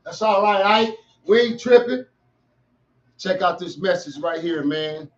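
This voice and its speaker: A man's voice: high voice, animated, measured pace, lo-fi sound, faint music behind. A middle-aged man hosting a podcast, giving an emphatic motivational talk to young listeners in heavy street slang. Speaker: podcast host.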